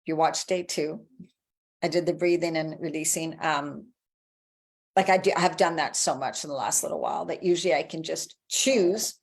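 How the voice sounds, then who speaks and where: A woman of around forty, speaking at a normal speed in a low voice, gives a motivational talk as a life coach. She's encouraging and conversational, acting out inner voices as she goes.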